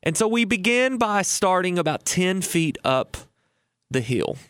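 A man's voice: sits high, very animated, a little slow, a bit bright, clear, resonant tone, no echo. A man in his thirties hosting a radio show on retirement, telling a story in a folksy, chatty way with fillers and restarts. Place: radio studio.

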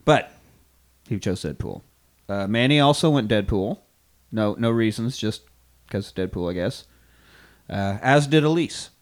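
A man's voice: fairly low pitch, expressive, a little slow, pauses often. Rambling, swearing male podcast co-host. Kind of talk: casual chat.

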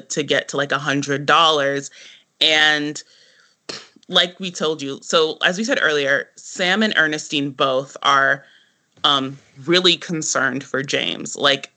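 Bright, animated man chatting. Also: fairly high pitch. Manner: animated, heavy use of "like", frequent laughter. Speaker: podcast co-host. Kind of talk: casual podcast discussion.

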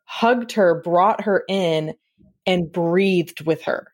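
A woman's voice: lowish voice, slow pace. A woman hosting a casual conversation, telling stories and encouraging her guest. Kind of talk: casual chat.

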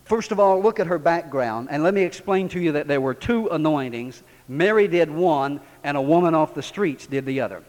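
A man preaching with a high, lively voice that rises and falls all through the sermon. He drops low and quiet, then climbs loud and high. A long reverb from the church hall trails after him. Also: normal speed.

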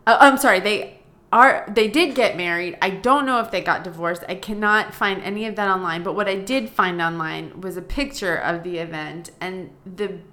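A woman co-hosting a casual comedy chat, telling a story in an animated, mocking way and swearing freely. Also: mid-range voice, normal speed. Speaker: podcast co-host.

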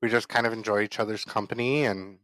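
A man's voice: lowish voice, fairly even intonation, fast talker, a bit bright, dry recording. A man co-hosting a podcast in casual late-night chat, rambling with lots of fillers while eating. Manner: rambling, heavy use of "like" fillers. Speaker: podcast co-host.

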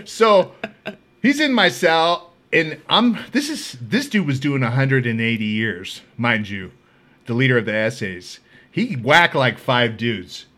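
A man hosting a podcast, telling comedic stories in a loud, profane, laughing way. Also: medium pitch, expressive, slow pace. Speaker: podcast host. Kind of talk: comedic storytelling.

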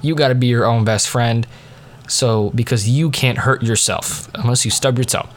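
A man's voice: mid-range voice, normal speed, slight background noise. A teenage boy telling family stories in a casual, rambling monologue full of fillers and digressions. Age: teens. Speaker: diarist.

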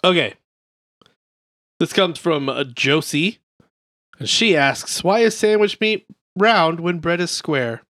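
Bright-voiced man reading jokes deadpan. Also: on the high side, takes it slowly, pauses often, dry recording, clean studio sound. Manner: deadpan joke reading, crude banter. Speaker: podcast co-host. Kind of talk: casual podcast chat, reading comedians' jokes aloud.

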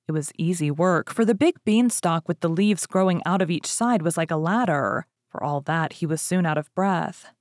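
A woman reading a fairy tale aloud as a storyteller, lively and expressive. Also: fairly low pitch, normal speed, hardly any pauses, no echo, clean studio sound.

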